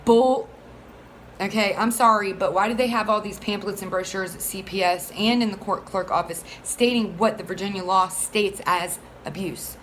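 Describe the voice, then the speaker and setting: A woman's voice: medium pitch, fairly even intonation, normal speed, few pauses, a bit bright, slight background noise, low-quality recording. A woman speaking as a single mother, pleading earnestly for support of a bill in a rambling, heated way full of fillers. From Florida. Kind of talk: casual advocacy monologue.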